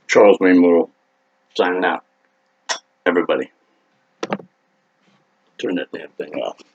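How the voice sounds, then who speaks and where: A man telling a rambling story in a casual, excitable, profane way, acting out quotes loudly. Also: deep voice, a little slow, breathy edge, dull audio. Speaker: rock singer telling a story.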